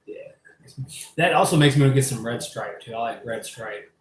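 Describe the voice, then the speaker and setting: A man hosting a casual live stream, rambling and excitable, laughing and swearing as he talks. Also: medium pitch, normal speed, a little hiss or hum. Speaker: live-stream host showing his pet invertebrates. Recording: echoey room with faint ambience.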